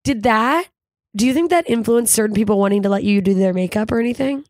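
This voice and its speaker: A woman's voice: fairly high pitch, fast, a little mellow, no echo, studio quality. A woman hosting a casual chat, asking questions and reacting with encouraging interjections.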